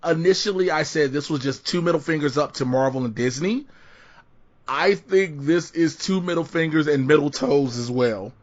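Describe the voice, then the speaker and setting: Male podcast host, slightly high voice, brash and joking, dull muffled audio. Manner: brash, joking, animated storyteller. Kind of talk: casual chat.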